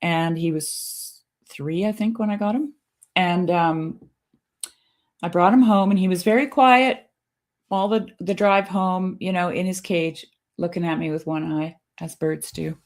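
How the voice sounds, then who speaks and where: A middle-aged woman, a guest, telling stories in a casual, animated way, often laughing and acting out what others said. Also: unhurried. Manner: animated, laughing storyteller who acts out quotes in a varied pitch. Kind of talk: casual conversational storytelling.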